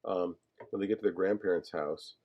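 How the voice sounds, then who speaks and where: A man teaching a class on a film screenplay, talking haltingly with many fillers and restarts as he searches for page numbers. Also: sits low, fairly even intonation, warm tone. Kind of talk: lecture discussing a film screenplay.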